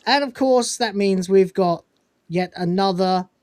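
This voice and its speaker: His voice is high-pitched and a little slow, with no room sound. The man hosts a podcast reviewing episodes, casually recapping them, narrating scenes with animation and acting out what the characters say.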